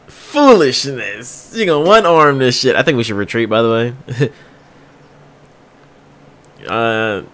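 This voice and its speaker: Excitable, slow-talking young man. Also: mid-range voice, clean tone. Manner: excitable, laughs often, slangy banter. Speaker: anime reaction host. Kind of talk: casual reaction commentary.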